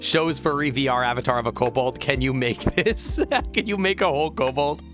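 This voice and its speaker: A young VRChat streamer chats casually on a live stream, reading and answering viewer messages at a normal speed. Playful and giggly, he rambles and bursts into squeaky high exclamations, his tone a bit bright over soft background music.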